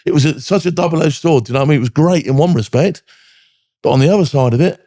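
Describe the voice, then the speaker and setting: A man's voice: a little high, fast, mellow, no room sound, studio quality. A man over forty, a military veteran giving a candid interview, blunt and full of swearing, tagging his points with "do you know what I mean". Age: 40s or older.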